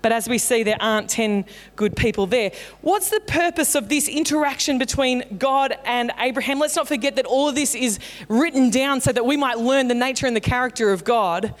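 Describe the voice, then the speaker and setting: A woman's voice: fairly high pitch, moderate pace, few pauses. A woman pastor preaching a sermon in a conversational, playful storytelling way. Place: church auditorium. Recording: long hall reverb in a church.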